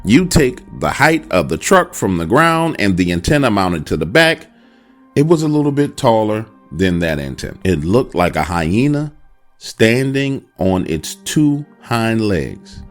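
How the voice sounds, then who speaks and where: A man's voice: fairly low pitch, very animated, a little slow, soft background music. Dramatic male horror storyteller. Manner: dramatic, addresses listeners directly. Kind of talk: first-person horror story narration.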